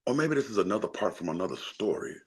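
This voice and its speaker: A man's voice: on the low side, big pitch swings, quick pace, husky. A man from Alabama, co-hosting a casual Bible chat and explaining things in a loose, thinking-aloud way, often checking in with "right?". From Birmingham, Alabama, US. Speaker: podcast co-host discussing the Bible.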